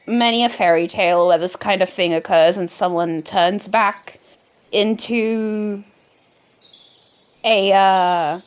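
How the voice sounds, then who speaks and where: A woman narrating as game master of an improvised tabletop game, in a gentle, unhurried way. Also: medium pitch, clear, resonant tone.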